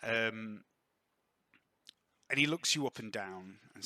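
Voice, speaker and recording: A man running a tabletop role-playing game as game master, narrating scenes in a chatty, lively way. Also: lowish voice, slow pace, dry recording, studio quality.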